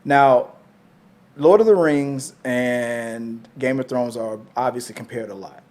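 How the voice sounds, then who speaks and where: A man hosting a casual movie chat show, rambling and animated, swearing freely. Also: medium pitch, slow. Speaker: podcast host.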